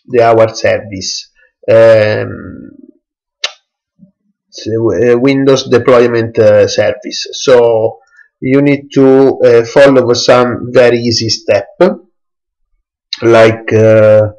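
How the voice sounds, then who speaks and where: A young man talks through a screen-recorded software tutorial in slow, careful English. His mid-pitched voice moves unhurriedly, full of pauses and restarted phrases as he hunts for each word. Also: steady tone, creaky, muffled recording. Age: young adult. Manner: halting, many fillers and restarts, non-native English. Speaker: tech tutorial presenter.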